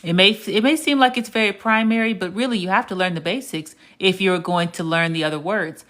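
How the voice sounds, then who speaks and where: A woman teaching Spanish on a live stream, patient and clear, slowing down to repeat example words and stopping to answer viewer comments. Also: on the low side, fairly bright tone. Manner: reads viewer comments aloud and answers them. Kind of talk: live-stream language lesson.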